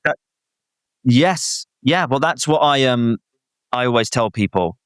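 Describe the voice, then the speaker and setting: A young British man, a guest actor, chatting casually with animated, self-deprecating, rambling stories. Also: mid-range voice, measured pace, clear, resonant tone, dry recording, studio quality. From Britain. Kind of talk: casual chat.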